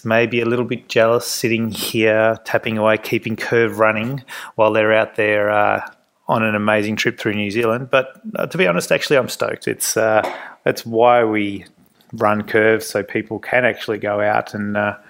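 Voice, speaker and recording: A man with a slightly low voice talks in an upbeat, easygoing manner as he closes out a podcast episode. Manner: upbeat, relaxed. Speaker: podcast host. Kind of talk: podcast outro.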